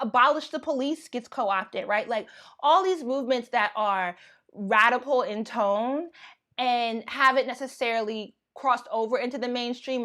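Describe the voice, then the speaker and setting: A young American woman giving casual livestream commentary, thinking out loud with lots of fillers and restarts. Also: fairly high pitch. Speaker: YouTube commentator.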